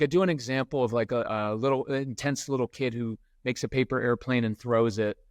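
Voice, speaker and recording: A man's voice: mid-range voice, dry recording, clean studio sound. A middle-aged man speaking as a podcast guest, telling stories and acting out the people in them. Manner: animated storyteller who acts out quotes. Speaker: podcast guest, parenting expert. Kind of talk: conversational interview, storytelling.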